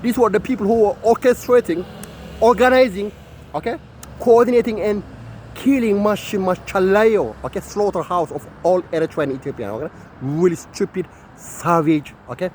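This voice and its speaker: A man from the Horn of Africa, giving a rambling ranting monologue that keeps repeating "my friend" and swings between loud and soft. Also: high voice, normal speed, slight background noise.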